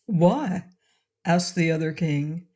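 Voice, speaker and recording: A woman narrating a classic children's audiobook in a gentle, clear reading style. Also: lowish voice, measured pace. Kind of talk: storybook narration.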